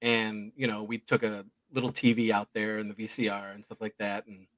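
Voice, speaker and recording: A man's voice: fairly low pitch, level tone, fairly bright tone, dry recording. A man in his forties, a guest telling a story casually, rambling and full of fillers. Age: 40s. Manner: rambling, slow delivery with many fillers. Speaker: guest filmmaker.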